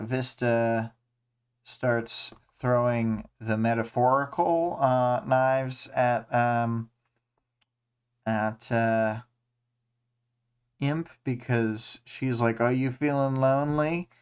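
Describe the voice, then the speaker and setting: A man's voice: medium pitch, clean tone. A man hosting a casual livestream discussion, recapping a story with many ums and uhs and putting on voices for quoted lines. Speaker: podcast host.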